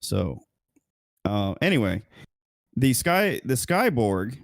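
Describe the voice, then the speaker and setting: A man's voice: medium pitch, very animated, takes it slowly, creaky, no echo, studio quality. A man co-hosting a casual podcast, rambling through news with frequent fillers and self-corrections. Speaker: podcast co-host.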